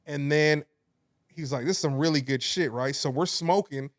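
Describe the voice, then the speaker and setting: A young man on a podcast, telling a wild story in casual chat, animated, swearing and laughing as he goes. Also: fairly high pitch, normal speed. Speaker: podcast co-host.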